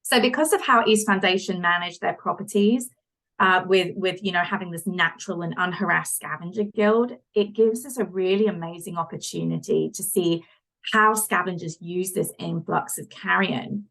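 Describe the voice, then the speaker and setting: A woman scientist, a podcast guest, explaining her research in a measured way. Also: fairly low pitch, a bit bright, low-quality recording. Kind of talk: podcast interview.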